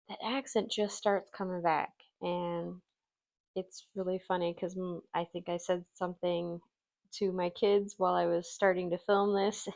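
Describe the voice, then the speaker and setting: A woman from Wisconsin hosting a casual crafting tutorial, chatty and self-deprecating, laughing easily as she works. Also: lowish voice. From Wisconsin, USA. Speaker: craft channel host.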